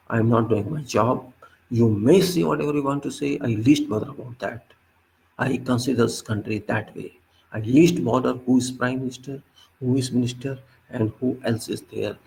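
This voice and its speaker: A man's voice: medium pitch, vocal fry, darkish tone, a little hiss or hum, rough recording. A man with an Indian English accent giving an emphatic, lecturing political commentary monologue and repeating his points.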